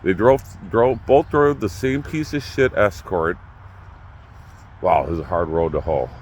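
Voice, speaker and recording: A middle-aged man hosting his own channel, ranting unscripted to the camera, blunt and profane, swinging from loud outbursts to low muttering. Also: unhurried, slight background noise. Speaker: YouTube channel host.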